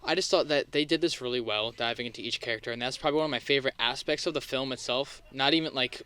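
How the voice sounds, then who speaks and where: Chatty young man, smooth dry voice. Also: mid-range voice, quick pace, dry recording. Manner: relaxed, chatty, many fillers. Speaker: podcast co-host. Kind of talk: casual film discussion.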